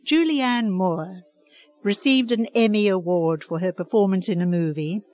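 A woman's voice: mid-range voice, unhurried, a little mellow. An older woman who works as a dialect coach, talking earnestly and emphatically in an interview. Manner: earnest, emphatic, passionate about her craft. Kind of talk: conversational interview.

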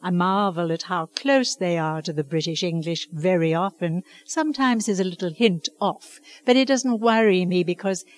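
A woman's voice: on the low side, normal speed, hardly any pauses. An older woman who works as a dialect coach, talking earnestly and emphatically in an interview. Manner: earnest, emphatic, passionate about her craft. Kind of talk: conversational interview.

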